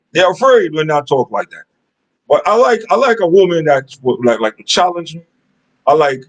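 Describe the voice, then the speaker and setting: A man's voice: fairly high pitch, a bit bright, poor audio. A man giving relationship advice in a rambling, repetitive monologue, often checking in with "Understand?". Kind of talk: casual monologue.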